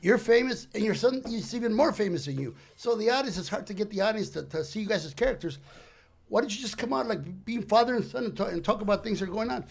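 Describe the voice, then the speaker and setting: An older comedian, a guest on a podcast, tells a funny story fast and with lively intonation in a high, gravelly voice. He plays every character himself and drops Spanish slang along the way, keeping an easy flow.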